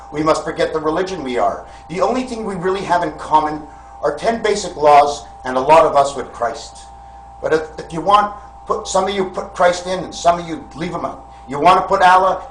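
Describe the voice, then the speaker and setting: Man, rambling preachy vlog monologue, slightly high pitch, faint hum behind. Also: low-quality recording. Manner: preachy, full of rhetorical questions; wandering, addresses listeners as friends. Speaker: vlogger. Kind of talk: rambling spiritual monologue to camera.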